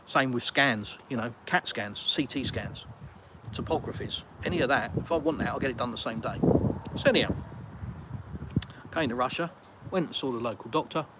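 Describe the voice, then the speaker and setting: A middle-aged live streamer from England talks at a moderate pace in a medium-pitched voice with an English accent. He keeps things casual, reading out messages from viewers over loud street and traffic noise.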